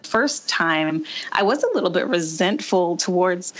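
A woman's voice: fairly low pitch, unhurried. A woman, a physician and mother, chatting candidly as a guest and acting out what people say. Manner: candid, animated storyteller acting out quotes. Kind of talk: casual podcast conversation.

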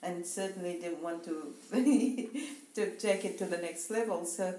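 Woman, low-ish voice, chatty co-host, reflective storyteller, roomy echo. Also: measured pace, warm tone. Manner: reflective, chatty storyteller who laughs easily. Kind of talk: casual chat, telling anecdotes.

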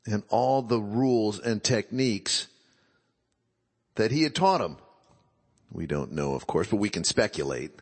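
A man's voice: low voice, breathy edge, long reverb tail. A man giving a reflective talk, musing aloud and posing rhetorical questions.

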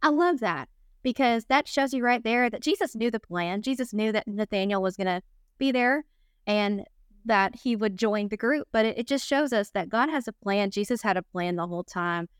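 A woman's voice: medium pitch, normal speed, clear, resonant tone, no echo, studio quality. A woman sharing her thoughts enthusiastically in a Bible discussion. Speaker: discussion participant.

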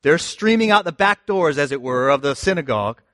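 A man's voice: fairly high pitch, lively intonation, fairly quick, fairly bright tone, dry recording, clean studio sound. A man pastor preaching a sermon in a conversational, emphatic way, often asking the listeners rhetorical questions.

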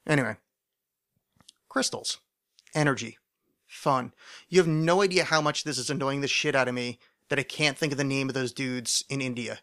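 A man's voice: medium pitch, moderate pace, long pauses, sharp tone. A man hosting a solo podcast, rambling in a loose monologue with many fillers, restarts and frequent swearing. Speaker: podcast host.

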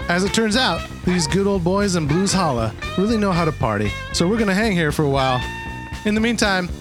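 Man, comic podcast co-host, laid-back, varied pitch. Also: animated, a little fast, over music. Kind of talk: casual comic book podcast chat.

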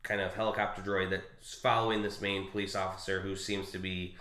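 A man chatting casually about a comic, rambling and halting with fillers and restarts. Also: deep voice, little pitch movement, sharp tone, reverberant. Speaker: co-host discussing a comic. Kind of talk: casual chat.

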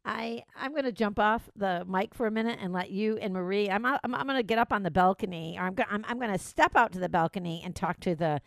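A woman hosting a radio show in casual chat, talkative and quick to laugh. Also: mid-range voice, gravelly, dry recording, studio quality. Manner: chatty, laughs easily. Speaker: radio host.

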